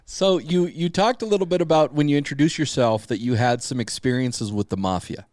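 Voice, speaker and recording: A man hosting a podcast, asking questions in a halting way with many restarts. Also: mid-range voice, darkish tone, no echo, studio quality. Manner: halting, restarts his sentences. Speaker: podcast host. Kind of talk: interview questions.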